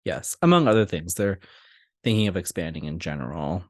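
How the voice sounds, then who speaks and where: Podcast co-host, young man, low voice, dry close sound, laughs a lot. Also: a little fast, no room sound. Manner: laughing often, animated storytelling. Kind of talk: casual chat.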